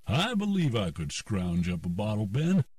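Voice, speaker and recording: Friendly saloon owner, voiced by a male narrator, low and warm-spoken. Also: huge pitch swings, moderate pace, dry recording, recorded from a distance. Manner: friendly, hospitable.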